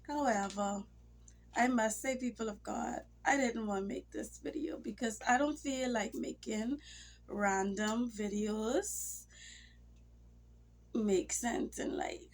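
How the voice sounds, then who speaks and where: A woman vlogger speaks slowly to her camera in a voice on the high side, captured on a phone or camera mic. She has a cold and rambles casually and emotionally, sometimes dropping to near-whispers.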